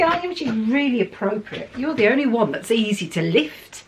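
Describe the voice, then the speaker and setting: An English woman from the UK, a vlogger chatting excitedly while unboxing gifts, gushing and laughing often and cooing playfully at her dogs. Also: on the high side, fairly quick, hardly any pauses, background noise. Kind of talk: casual unboxing chat.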